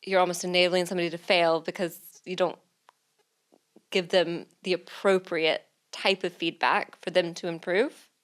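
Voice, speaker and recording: A woman's voice: on the low side, flat delivery. Chatty American woman co-host. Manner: quick, eager, chatty with many affirmations. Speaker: podcast co-host. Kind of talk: casual podcast conversation.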